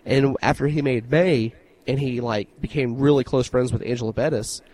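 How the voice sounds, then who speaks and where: A man co-hosting a podcast, telling stories in an animated, casual way and swearing freely. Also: medium pitch, normal speed, poor audio. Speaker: podcast co-host. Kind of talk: casual chat.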